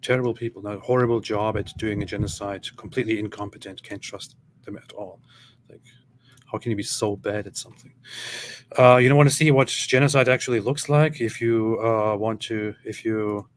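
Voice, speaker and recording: A man with a lowish voice co-hosting a livestream and giving sardonic commentary. He talks casually and mocks his opponents. Faint noise sits under his voice. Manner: sardonic, talks over clips. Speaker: co-host.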